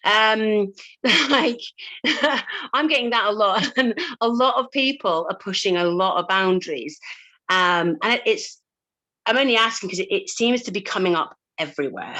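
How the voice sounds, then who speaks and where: A woman's voice: medium pitch, expressive, moderate pace, pushed and bright, poor audio. A woman coach talking casually to a group, chatty, with frequent laughs and fillers and casual swearing. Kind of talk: casual talk to a live group.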